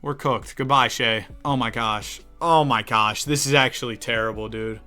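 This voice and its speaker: A young man narrating his basketball game run in a loose, chatty way, his voice bright and forward. He drops into mutters, then jumps into loud bursts. Soft music runs faintly underneath. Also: medium pitch, moderate pace, clean tone. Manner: excitable, swings between grumbling and loud outbursts. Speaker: gaming YouTuber. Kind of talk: casual gameplay commentary.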